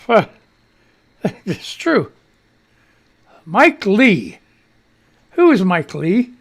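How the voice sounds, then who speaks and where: A man hosting a live radio show in casual, rambling chat, loud greetings and freely swearing, audibly short of breath. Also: high voice, sing-song, very slow, vocal fry.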